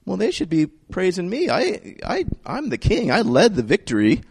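A jealous, indignant king, as a preacher puts him on, protesting in a whiny, outraged tone. His voice jumps high with wounded pride. It is played during a sermon retelling. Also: big pitch swings, normal speed, no room sound, studio quality, long reverb tail. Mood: sulking.

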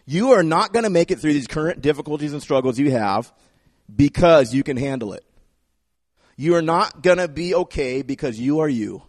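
A man preaching a sermon in an animated way, repeating phrases for emphasis and acting out the voices he quotes. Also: fairly high pitch, moderate pace, no echo, clean studio sound. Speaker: pastor.

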